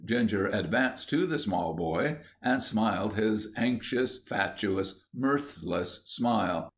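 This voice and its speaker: A man's voice: lowish voice, lively intonation, takes it slowly. Man narrating a children's storybook. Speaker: audiobook narrator.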